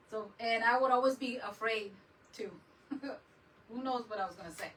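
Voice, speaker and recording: A woman's voice: fairly high pitch, brisk, pushed and bright, distant mic, low-quality recording. A woman chatting casually on a crafting livestream, laughing often and mixing Spanish words into her English.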